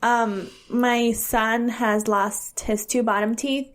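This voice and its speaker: A woman in her thirties co-hosts a casual podcast, chatty and quick to laugh. Her voice sits a little high, and she acts out little quoted voices as she tells stories. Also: fairly even intonation. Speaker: podcast co-host. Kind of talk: casual chat.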